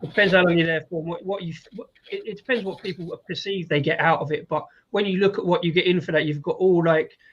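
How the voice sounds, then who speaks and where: A man's voice: high voice, steady tone, fast talker, few pauses, lo-fi sound. A man co-hosting a casual beer chat, repeating words as he thinks aloud. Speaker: beer reviewer co-host.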